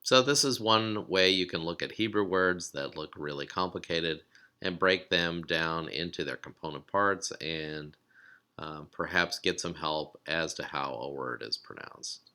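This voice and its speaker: A man giving a recorded lesson, explaining steps calmly and sounding out words slowly. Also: sits low, clear, resonant tone. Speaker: teacher.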